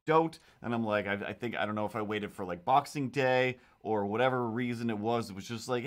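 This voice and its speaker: A man with a medium-pitched, fairly bright voice talks a little fast with few pauses into a desk microphone. He's drawing comics on a live stream, chatting casually, rambling, joking, cutting himself off and tripping over his words.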